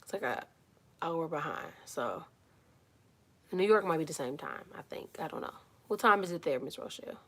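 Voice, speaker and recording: In a low voice at a moderate pace, broken by long pauses, a woman hosts an informal live Q&A from her phone in a small closet at home. She stays chatty and animated, naming viewers as she greets them and mumbling soft asides.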